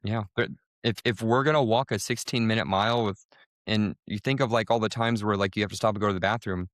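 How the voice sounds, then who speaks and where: Animated man telling a race story. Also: fast talker, no room sound, clean studio sound. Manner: animated, jumps pitch for quoted lines. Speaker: podcast co-host. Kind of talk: casual storytelling.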